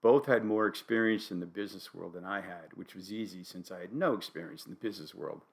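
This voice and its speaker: An older man from New Haven, Connecticut, with a New England accent, hosting a solo podcast with dry, wry, deadpan humor. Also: deep voice, fast talker, creaky. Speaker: podcast host.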